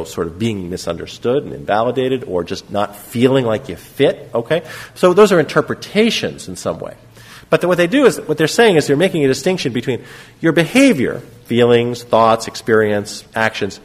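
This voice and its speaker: Husky man lecturing with lively pitch. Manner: lively, conversational, frequent "okay?" check-ins and acted example quotes. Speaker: lecturer on psychotherapy.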